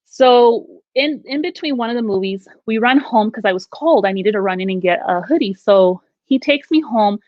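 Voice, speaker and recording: A woman's voice: mid-range voice, normal speed, hardly any pauses, dry recording. A woman telling her own ghost story in casual conversation, acting out the quoted lines as she goes. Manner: animated, acts out quoted lines. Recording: dull, dry lo-fi audio.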